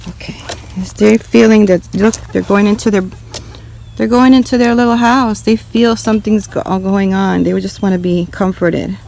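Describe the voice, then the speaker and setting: A woman's voice: mid-range voice, steady tone, moderate pace, creaky, a little mellow, slight background noise, low-quality recording. A woman talking casually to her viewers while walking around her rural property outdoors, filming herself. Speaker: homestead vlogger. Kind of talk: casual vlog to camera.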